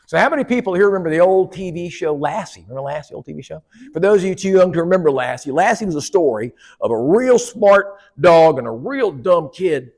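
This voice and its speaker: A man's voice: a little high, lively intonation, brisk, hardly any pauses, darkish tone. A man giving a humorous keynote speech at a conference, joking with and teasing the audience. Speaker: keynote speaker. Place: conference hall.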